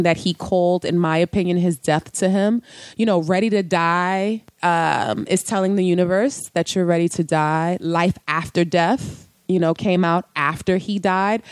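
Late-30s woman doing her own podcast, chatty and animated, dry close mic, no room sound. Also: lowish voice, dry recording. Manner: animated, breaks into singing snippets and laughs. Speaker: podcast host. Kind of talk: casual solo podcast monologue.

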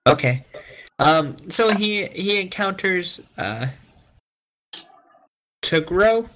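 A male podcast host spins out a casual, improvised fight scenario in slow, unhurried speech. He halts often and his pitch sits mid-range. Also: fairly bright tone, rough recording. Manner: halting, full of fillers and restarts.

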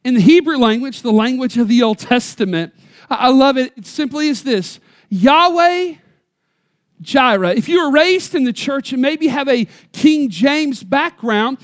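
A man's voice: very high-pitched, moderate pace. A man, preaching a sermon in church with emphatic storytelling. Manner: storytelling, emphatic, varies loudness for effect. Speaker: pastor.

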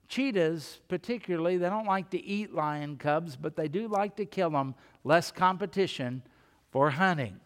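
A man's voice: on the high side, normal speed, a bit bright, in a large hall. A man preaching a sermon as pastor, telling stories in a folksy, conversational way. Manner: folksy storytelling with asides.

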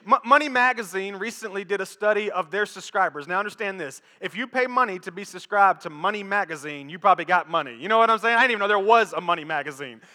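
A man preaching a sermon in an animated, joking, repetitive way, in a church. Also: sits high. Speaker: pastor. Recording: echoey church hall.

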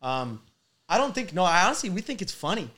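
A man from Toronto, a musician guest in a casual chat, talking in an animated, loose way with swearing. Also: high voice, brisk.

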